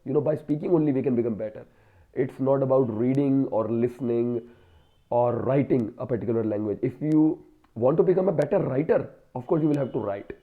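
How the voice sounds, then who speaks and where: Indian man, halting talk, tinny phone sound. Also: medium pitch. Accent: Indian English. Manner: hesitant, many fillers and restarts. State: has a cold. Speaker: vlogger practicing spoken English. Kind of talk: casual solo talk to camera.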